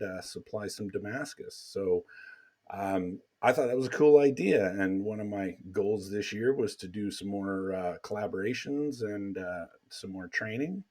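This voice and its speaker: A man hosting a casual podcast chat, rambling along with lots of fillers. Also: lowish voice. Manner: relaxed, rambling with many fillers. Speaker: podcast host.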